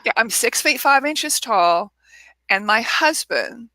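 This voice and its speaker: A woman guest in a casual interview, telling a personal story in an animated way and acting out the people she quotes, over a video call. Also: a little high, takes it slowly, dry recording. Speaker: author and guest.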